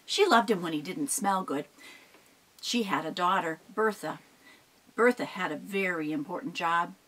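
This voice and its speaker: A woman telling a folk tale aloud in an animated, expressive way, with sound effects. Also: fairly low pitch, moderate pace, rough recording. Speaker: storyteller. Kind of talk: oral storytelling performance.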